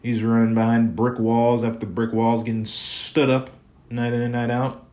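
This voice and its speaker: A man's voice: mid-range voice, level tone, normal speed, a little mellow. A young man hosting a solo sports podcast, ranting bluntly with lots of swearing and repetition. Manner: blunt, profane, repetitive, fired up. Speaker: podcast host.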